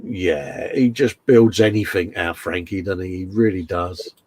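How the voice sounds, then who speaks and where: A man's voice: low voice, a little slow, a little mellow, no room sound. A British man hosting a casual model-building livestream from a home workshop, chatting in a chummy, matey way and reading out viewer comments. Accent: British English. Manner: chummy and matey, calls everyone mate.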